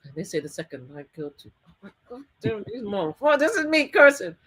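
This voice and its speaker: Animated woman retelling a courtroom day. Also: medium pitch, fast talker, breathy edge. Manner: lively retelling with quoted voices and laughter. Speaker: survivor advocate. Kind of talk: animated interview storytelling.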